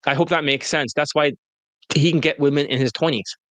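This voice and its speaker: A man's voice: on the high side, fairly even intonation, brisk, a bit bright, dry recording. A man working as a dating coach, talking bluntly and crudely in a casual interview and laughing often.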